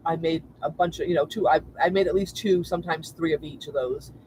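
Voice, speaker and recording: A woman's voice: low voice, brisk, a little mellow, a little hiss or hum, rough recording. A woman co-hosting a casual livestream chat. She talks in a chatty way, repeats herself and laughs easily. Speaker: co-host of a travel livestream.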